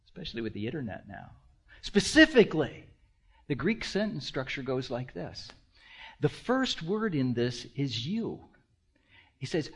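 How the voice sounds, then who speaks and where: Husky man in his sixties preaching. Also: fairly high pitch, normal speed. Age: 60s. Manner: animated preaching with rhetorical questions to the congregation; swings between hushed asides and loud emphasis. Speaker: pastor. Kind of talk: sermon.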